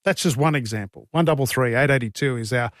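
A man's voice: mid-range voice, quick pace, dry recording. An Australian man hosting a talkback radio show in a studio, chatty, joking and blunt. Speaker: radio host. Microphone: studio mic.

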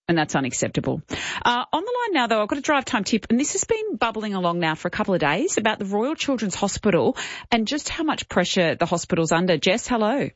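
A woman hosts talkback radio with a lowish, blunt voice that turns indignant. Her delivery is conversational and direct. The sound is dry and a little dull. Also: no room sound.

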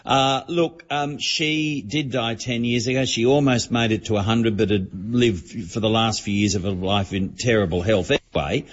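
A man's voice: lowish voice, normal speed, hardly any pauses. A man, telling celebrity gossip as an entertainment reporter on a radio show in a chatty, storytelling manner. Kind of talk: casual radio chat. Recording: dull lo-fi broadcast audio.

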